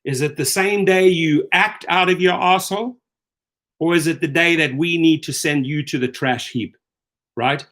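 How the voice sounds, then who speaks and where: A man's voice: on the high side, moderate pace, a bit bright. A middle-aged man hosting rideshare commentary, ranting angrily with profanity and repeated rhetorical questions.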